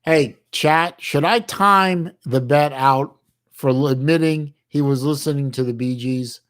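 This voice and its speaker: A middle-aged man from the United States hosting a livestream, chatting casually with his chat in a halting way with many restarts and folksy slang. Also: fairly high pitch, fairly bright tone. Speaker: livestream host reading chat.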